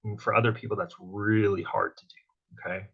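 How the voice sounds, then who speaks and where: A man's voice: fairly low pitch, flat delivery, normal speed, gravelly, breathy edge. A man giving a casual motivational talk as a workshop guest speaker, checking in with tag questions like "right?" and "okay?". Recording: dull lo-fi sound.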